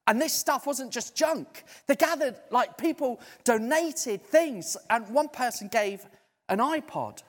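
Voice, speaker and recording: A man preaching a conversational sermon in a church hall, lively and emphatic. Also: very high-pitched, unhurried. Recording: echoey hall.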